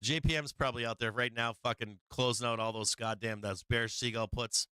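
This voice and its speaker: A man's voice: mid-range voice, fairly even intonation, brisk, pushed and bright, smooth, dry recording, poor audio. A man hosting a live market stream, swearing freely, laughing often and repeating himself as he walks through charts. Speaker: market livestream host.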